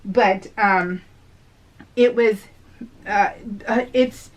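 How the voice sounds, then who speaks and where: A woman's voice: medium pitch, very slow, lo-fi sound. A woman talking casually to her viewers in a rambling voice-over, full of fillers and frequent laughter. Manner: rambling, lots of fillers, addresses viewers as "you guys"; laughs often while telling stories. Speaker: vlogger.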